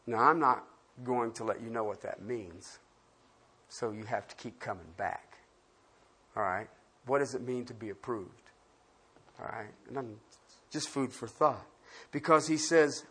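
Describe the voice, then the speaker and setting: A pastor teaches a Bible-study sermon, putting questions to listeners and swinging from loud emphasis to quiet asides. His husky, mid-range voice keeps a measured pace with long pauses.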